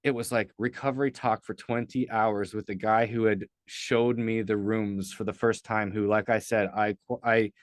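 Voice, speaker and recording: A man's voice: lowish voice, little pitch movement, moderate pace, hardly any pauses, dry recording. A man talking as a podcast guest, telling a personal story in an earnest, rambling way with lots of fillers. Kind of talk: casual storytelling in a podcast interview.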